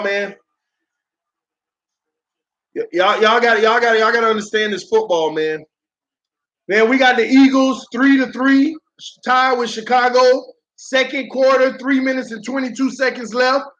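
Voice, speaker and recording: A man with a strikingly high voice calls plays and reacts to a live football game, excitable and theatrical, slipping into slang and loud groans. The stream audio sounds dull and lo-fi, with muffled highs. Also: unhurried.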